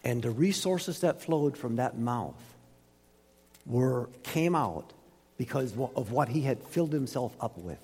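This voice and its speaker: A man preaching a sermon as pastor, emphatic, swinging from loud highs to soft lows. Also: lively intonation, measured pace, breathy edge. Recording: reverberant hall.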